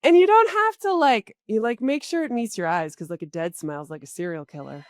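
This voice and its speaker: A woman career coach hosting a podcast, giving casual advice in a chatty way with many fillers and sudden jumps in pitch and volume. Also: brisk, dry recording. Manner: animated, with big jumps in pitch and loudness; acts out short quoted exchanges.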